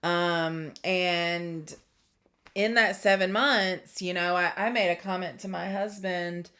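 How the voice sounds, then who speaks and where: A woman giving a tarot reading to camera, speaking in a heartfelt, reflective way with pauses and fillers. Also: lowish voice, fairly even intonation, a bit bright. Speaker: tarot reader.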